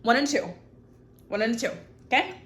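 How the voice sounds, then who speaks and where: A woman's voice: fairly high pitch, lively intonation, brisk, fairly bright tone, slight background noise. A woman hosting her own show, giving frank, profane advice in casual chat to camera from a hot indoor room. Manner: blunt and profane, frank girlfriend-to-girlfriend talk. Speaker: host.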